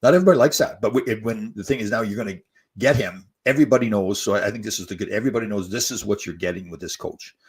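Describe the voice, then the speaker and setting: Older guy hosting a live stream, husky lowish voice, reading out viewer questions and telling stories. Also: very fast. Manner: chatty, storytelling, reads out viewer comments. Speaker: host.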